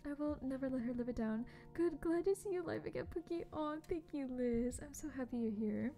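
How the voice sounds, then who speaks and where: A young woman streaming a game, chatting casually and bubbly with her viewers, often dropping to a soft whisper. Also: high voice, moderate pace, few pauses. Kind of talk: casual livestream chat. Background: faint background music.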